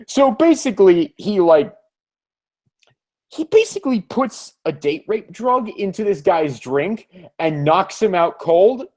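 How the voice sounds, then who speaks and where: A man's voice: high voice, animated, a little slow, darkish tone. A man co-hosting a podcast, talking sarcastically and animatedly about comics in a casual way. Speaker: podcast co-host. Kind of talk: casual comic book discussion.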